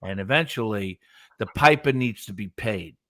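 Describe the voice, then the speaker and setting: A man's voice: on the low side, lively intonation, normal speed, pushed and bright, no echo, studio quality. A man co-hosting a live talk stream, ranting in a blunt, profane and preachy way. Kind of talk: casual ranting chat.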